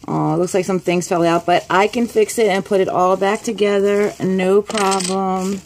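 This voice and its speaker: A woman vlogger chatting excitedly and gushing as she opens friend mail. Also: mid-range voice, moderate pace, hardly any pauses, slight background noise. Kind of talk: casual unboxing chat.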